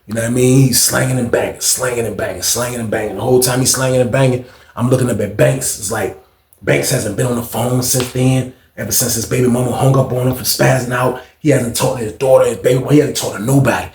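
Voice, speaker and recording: A man telling a story in a casual monologue, slangy and animated, often checking in with his listeners. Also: medium pitch, quick pace, roomy sound, slight background noise. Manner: slangy, animated, repeats "you know what I mean".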